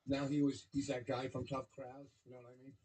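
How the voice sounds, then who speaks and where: A man guesting on a radio show, rambling and halting as he argues his points. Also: medium pitch, completely flat delivery, mellow, rough recording. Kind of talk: radio banter.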